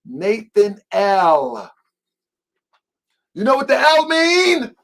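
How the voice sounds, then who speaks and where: A man's voice: high voice, huge pitch swings, extremely slow, vocal fry, a bit bright. A man hosting a heated commentary, repeating his points emphatically and confrontationally. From Baltimore, US. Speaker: host.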